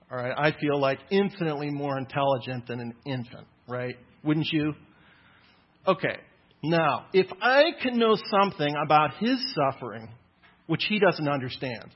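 A man in his thirties giving a Christian apologetics talk to an audience, lively and acting out the voices he quotes. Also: fairly high pitch, slightly rough. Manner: animated, acts out quoted voices. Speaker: Christian speaker. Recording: dull lo-fi sound.

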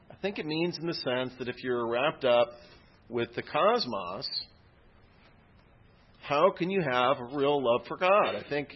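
A man's voice: medium pitch, highs cut off. A man preaching a sermon in a conversational teaching style, asking rhetorical questions and reading scripture aloud with rising emphasis.

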